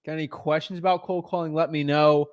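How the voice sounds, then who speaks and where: A man hosts a casual live question-and-answer stream, talking with eager energy. His voice sits a little high and the sound is dry and close, with no room behind it. He piles on fillers and repeats phrases to drive things home. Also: quick pace, no room sound, highs cut off. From United States. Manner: energetic, repeats himself, many fillers and restarts. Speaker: livestream host answering viewer questions.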